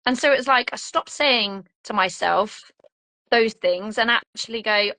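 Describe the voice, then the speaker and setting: An animated mother with a slightly high voice tells her story, acting out her inner voice. The sound is dry and close, with no room around it. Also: unhurried, dry recording, rough recording. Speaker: guest, a mother. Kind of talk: casual conversational chat.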